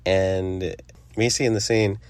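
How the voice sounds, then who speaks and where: A man's voice: low voice, fairly even intonation, a little slow, clear, resonant tone, no room sound. Profane young man reviewing a film. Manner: rambling, profane, laughs often. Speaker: podcast host. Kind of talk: casual movie review.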